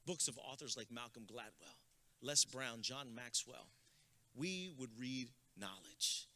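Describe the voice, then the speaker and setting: At a school graduation ceremony, a Texan man gives a keynote at a podium microphone, telling comic stories that build to a rousing close in a motivational speech. His mid-range voice is bright and forceful, with lively intonation and a slow pace.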